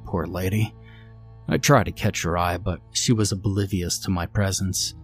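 A man's voice: low-pitched, steady tone, normal speed. A man narrating a horror story in the first person, in a dry, matter-of-fact manner. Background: faint music.

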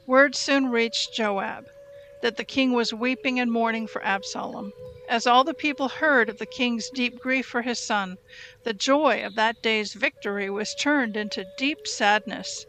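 A woman reading scripture aloud in a measured, storytelling way. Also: a little high, sharp tone, soft background music. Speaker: Bible reader.

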